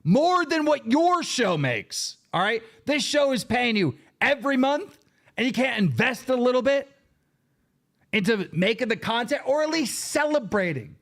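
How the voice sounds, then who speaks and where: Animated man in a profane rant. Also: very high-pitched, measured pace. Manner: profane, heated, bursts into shouting. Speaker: show host. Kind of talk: angry livestream rant.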